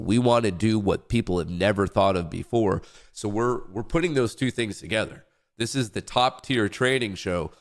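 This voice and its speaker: A young man hosting a casual trading livestream, congested and stuffy-nosed, rambling and joking about himself between updates. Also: lowish voice. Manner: rambling, joking, self-hyping. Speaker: livestream trading show host.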